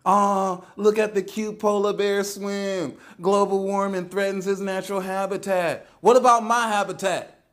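A man's voice: high voice, flat delivery, normal speed, hardly any pauses, natural voice. A man playing a male black bear telling his side of the story in brash street slang, indignant and joking. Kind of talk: comedic interview sketch.

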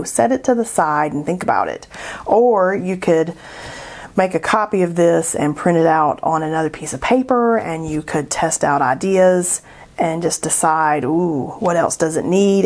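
A woman with a Southern accent, chatting casually and thinking aloud as she hosts an art tutorial. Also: fairly low pitch.

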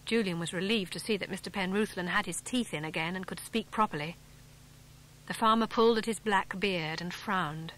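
English woman reading a children's adventure story. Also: a bit bright. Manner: voices the characters with small pitch lifts, clear and measured. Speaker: audiobook narrator. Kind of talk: scripted storybook narration.

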